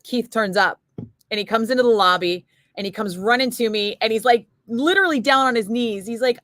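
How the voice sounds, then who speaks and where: A woman's voice: a little high, a little fast, a bit bright, dry recording. A woman radio DJ telling a rambling story in casual on-air chat, full of filler words. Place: radio studio.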